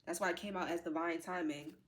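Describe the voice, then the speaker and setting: A woman's voice: on the low side, fairly even intonation, fast talker, noisy background. A woman giving a casual tarot reading to her viewers, rambling with lots of fillers, calling them y'all, emotional and close to tears at times. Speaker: tarot reader.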